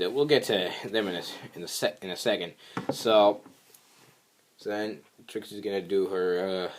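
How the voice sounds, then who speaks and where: Recapping a cartoon episode, a young regular vlogger rambles on with lots of filler words. Any quotes get delivered in a squeaky voice.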